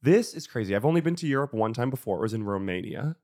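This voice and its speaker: A young man from the States co-hosting a podcast, voice sitting at a middle pitch. He rambles through bawdy stories in a casual chat and keeps breaking into giggles. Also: expressive, fast talker, darkish tone. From United States. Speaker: podcast co-host.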